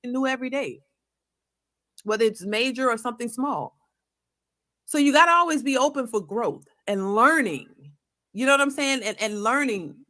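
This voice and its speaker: A woman's voice: on the high side, animated, normal speed, long pauses, bright, forceful tone. A middle-aged woman who has been married over twenty years gives relationship advice on a talk panel. She is earnest and a little preachy, and she often repeats herself. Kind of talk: casual opinion talk.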